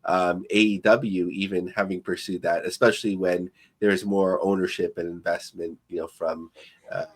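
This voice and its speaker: Low-voiced man, casual podcast co-host. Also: level tone, moderate pace. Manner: rambling, filler-heavy and thinking aloud.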